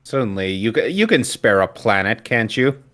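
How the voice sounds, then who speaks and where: A man's voice: on the low side, big pitch swings, moderate pace, fairly bright tone. A tipsy man joining a livestream as a guest, crude and joking in casual chat.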